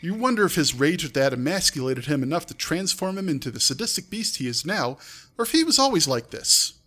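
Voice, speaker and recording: Bright-voiced man narrating a game. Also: on the high side, very animated, fairly quick. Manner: reads aloud with offhand asides. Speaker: streamer narrating an AI text adventure. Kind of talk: live-streamed game narration.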